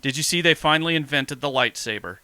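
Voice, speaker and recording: Upbeat, joking man with a bright voice. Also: on the high side, fast talker, clean tone. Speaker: podcast co-host. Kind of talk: casual chat.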